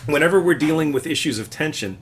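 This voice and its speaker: A man teaching a live classical guitar lesson, explaining patiently and warmly encouraging his student. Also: fairly high pitch, lively intonation, quick pace, slight background noise.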